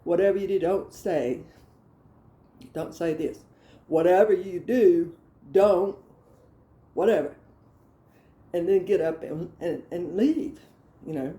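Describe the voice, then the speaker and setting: A woman's voice: a little slow, pauses often. Woman, casual comic storytelling, rambling, exasperated, echoey room. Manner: rambling, animated, breaks into high exasperated rants. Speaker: vlogger telling childhood stories.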